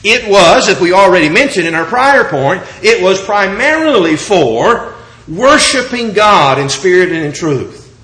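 A man preaching a sermon, reading scripture slowly with rising and falling emphasis. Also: high voice, sing-song, a bit bright.

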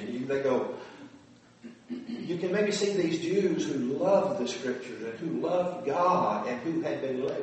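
A man teaching scripture in an earnest, conversational way, often turning to his listeners with rhetorical questions. He sounds set back from the mic in a very echoey hall. A faint hum of background noise sits under him. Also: on the high side. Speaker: Bible teacher. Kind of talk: conversational Bible lesson. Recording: very echoey room from a distant mic.

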